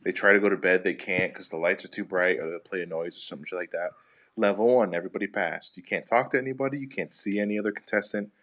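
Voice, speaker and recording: A man's voice: low-pitched, fast talker, a bit bright. A man in a casual comedy chat, telling long rambling stories packed with profanity. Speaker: podcast participant.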